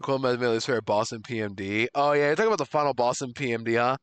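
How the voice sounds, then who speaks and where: A young man streaming a game live, chatting with viewers and loudly overreacting to surprises. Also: medium pitch, very fast, clear, resonant tone, no room sound.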